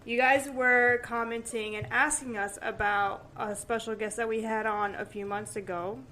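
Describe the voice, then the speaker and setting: A woman hosting a casual podcast, introducing guests in a loose, halting way. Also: a little high, fairly even intonation, bright, forceful tone, a little hiss or hum, low-quality recording. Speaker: podcast host. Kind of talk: casual chat.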